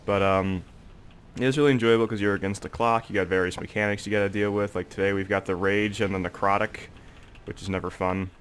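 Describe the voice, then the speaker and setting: A man's voice: lowish voice, steady tone, brisk, slight background noise. A young man with a congested, stuffy voice, rambling in casual gameplay commentary with lots of "like" and "um" fillers. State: congested, sore throat. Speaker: gaming video creator.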